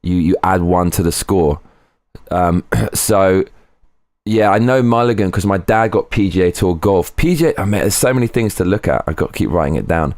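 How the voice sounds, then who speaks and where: A man's voice: sits low, animated, normal speed, darkish tone, dry recording, clean studio sound. A man streaming live from home, chatting casually, rambling and swearing as he goes. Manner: rambling, swearing, breaks into sung snatches. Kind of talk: casual livestream chat.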